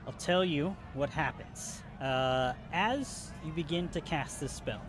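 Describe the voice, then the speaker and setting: A man narrating a tabletop game as game master, animated and quick to laugh. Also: a little high, noisy background.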